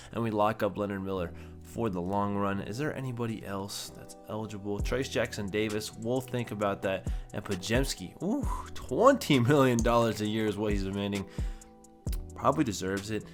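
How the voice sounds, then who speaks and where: A young man casually commenting on a basketball video game, chatty and rattling off stats as he corrects himself. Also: on the low side. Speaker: gaming YouTuber.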